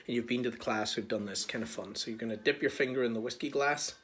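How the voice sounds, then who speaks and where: A chatty Irish man leads a whiskey tasting in a relaxed, joking way. His voice sits at an ordinary middle pitch, and he speaks from a small bar. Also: fast, heavy background noise. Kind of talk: casual instructional talk.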